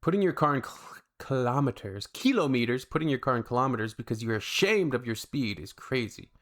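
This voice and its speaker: A man's voice: mid-range voice, animated, quick pace, a bit bright. A young man, hosting a reaction video in a casual, joking and sarcastic way. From Canada. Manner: joking, sarcastic, talks to the viewer.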